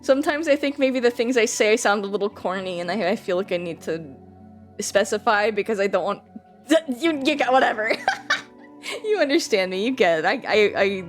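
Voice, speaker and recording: A woman's voice: medium pitch, animated, fairly quick, faint music behind. A young woman streaming from home, chatting casually and rambling with lots of fillers and giggles. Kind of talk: casual live-stream chat.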